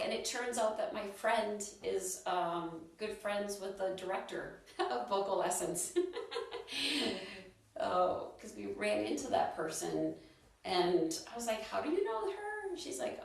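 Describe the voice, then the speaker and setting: A woman with a lowish, gravelly voice leads a relaxed online movement and wellness class. She rambles in a friendly, meandering way, full of ums and false starts. Her voice rings a little in a roomy space. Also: recorded from a distance. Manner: rambling, chatty, many ums and restarts. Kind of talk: casual online class talk with singing.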